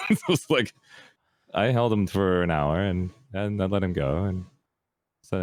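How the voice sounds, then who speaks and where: A man with an extremely deep, low voice speaks as a podcast guest. He tells a personal story candidly and earnestly. He often pauses on fillers and trails off. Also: lively intonation, no echo.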